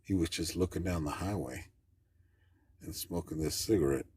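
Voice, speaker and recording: A man's voice: deep voice, normal speed, a little mellow, a little hiss or hum. A man calling in to tell a story, talking in a plainspoken, rambling way with folksy grammar. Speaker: caller. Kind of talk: casual storytelling.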